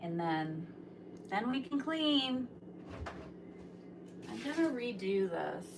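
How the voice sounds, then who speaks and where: A woman's voice: fairly high pitch, sing-song, slow pace, noisy background. A woman hosting a casual livestream from home, chatty and greeting viewers by name, tired after just waking up. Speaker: livestream host. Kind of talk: casual live chat with viewers.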